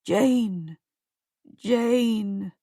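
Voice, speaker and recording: A woman voicing a young woman who poses as a dead queen's ghost, speaking in a hushed, wispy, drawn-out voice. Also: medium pitch, dry recording, studio quality. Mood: accusing.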